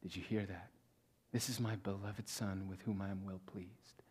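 A male pastor preaching a sermon to a congregation, reading scripture with slow stressed pauses and swinging between loud emphasis and hushed near-whispers. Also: deep voice, level tone, husky. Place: church in front of a congregation.

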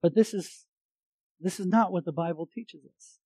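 Man preacher, high-pitched, dry close mic, moves from loud to hushed and jokes between points. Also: normal speed, husky, no room sound, poor audio. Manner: swings between loud emphatic lines and hushed earnest ones. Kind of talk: sermon.

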